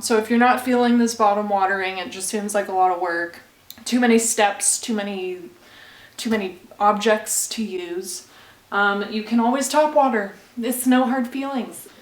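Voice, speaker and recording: A woman vlogger giving a casual how-to demonstration at home, chatty and conversational, with asides to the viewer. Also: mid-range voice. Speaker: plant care vlogger. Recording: roomy echo.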